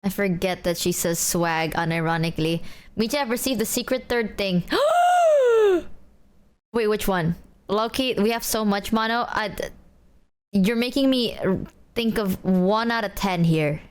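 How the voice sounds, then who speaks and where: A young woman streamer telling stories casually to her chat, animated, stammering and swearing freely. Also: medium pitch, moderate pace, clear, resonant tone. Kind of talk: casual reaction-stream storytelling.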